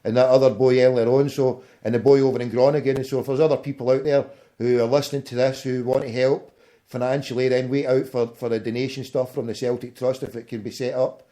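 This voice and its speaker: A man's voice: medium pitch, little pitch movement, fast talker, mellow. A Scottish man in casual chat, blunt and profane, dropping "mate" often. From Scotland.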